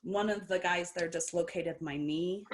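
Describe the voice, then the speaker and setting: A woman's voice: fairly low pitch, normal speed, noisy background. A woman from Brazil, a professional wrestler and podcast guest, telling stories in casual talk and acting out what people said. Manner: animated, acts out quoted dialogue. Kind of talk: casual storytelling interview.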